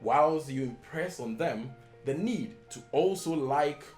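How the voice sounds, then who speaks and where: A man hosting an English-usage show, explaining words in a measured scripted way and checking in with "okay?". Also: on the high side, expressive, darkish tone. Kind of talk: scripted educational presentation. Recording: echoey room with faint guitar music.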